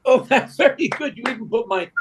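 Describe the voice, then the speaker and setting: A man's voice: very high-pitched, lively intonation, brisk, a crowd in the background, rough recording. An older man with an English accent, teaching an acting class in a chatty, encouraging way and praising his students often.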